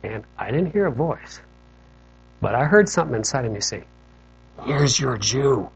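A man's voice: mid-range voice, sing-song, fairly quick, gravelly. A man telling a personal testimony to an audience in a conversational storytelling manner, often checking in with asides. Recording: slightly dull lo-fi recording.

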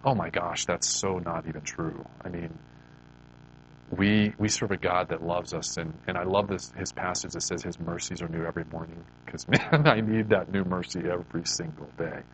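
Speaking with fairly even intonation at a moderate pace, a low-voiced Christian man gives a sincere, conversational devotional talk grounded in faith. His sentences frequently restart with repeated words, and the low-quality recording carries a faint hum behind him.

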